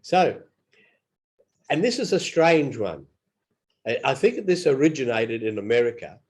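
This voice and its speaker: A man's voice: medium pitch, very animated, darkish tone. A man teaching English phrases in a casual lesson, repeating each one aloud and not feeling well. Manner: slow and repetitive, models phrases aloud. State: unwell.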